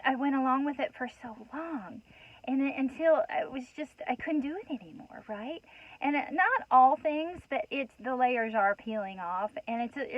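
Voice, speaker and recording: An earnest woman speaks in a fairly high voice, rambling through a heartfelt spiritual talk with many restarts and "you know"s. She sounds moved and a little worked up. The recording is dull and lo-fi. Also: no echo. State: emotional, getting worked up. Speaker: host.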